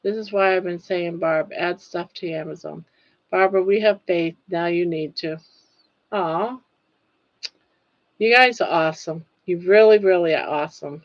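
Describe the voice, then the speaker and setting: A woman's voice: lowish voice, moderate pace, dry recording, muffled recording. An older woman hosting a casual livestream, chatting, reading viewer comments aloud, laughing often and sounding touched. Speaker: livestream host.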